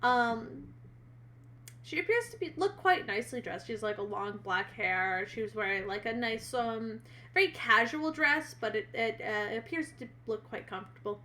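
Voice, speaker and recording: A woman's voice: a little high, normal speed, bright, forceful tone. A woman narrating a tabletop role-playing game as game master on a live stream, hesitant and full of fillers.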